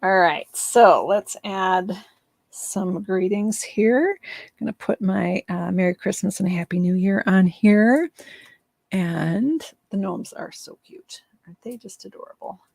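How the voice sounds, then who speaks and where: A woman's voice: medium pitch, unhurried, gravelly, a little mellow, no room sound. A woman demonstrating card making in a casual live craft session, chatty and rambling, with frequent ums and laughs at her own slips.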